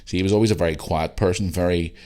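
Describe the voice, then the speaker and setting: A Northern Irish man talks through a casual solo podcast in a very low, deep voice. He rambles, circles back to repeat himself and swears freely. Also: fairly even intonation, fast, darkish tone. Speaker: podcast host.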